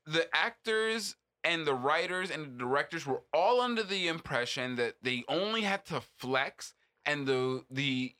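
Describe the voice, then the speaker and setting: A man's voice: a little high, sharp tone. A man co-hosting a casual podcast discussion, emphatic and swearing freely as he lectures. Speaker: podcast co-host.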